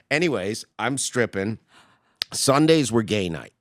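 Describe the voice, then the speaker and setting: A man's voice: mid-range voice, animated, a little slow, fairly bright tone, no echo, studio quality. A man from Canada, a comedian telling crude, blunt stories as a guest. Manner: blunt, brash raconteur.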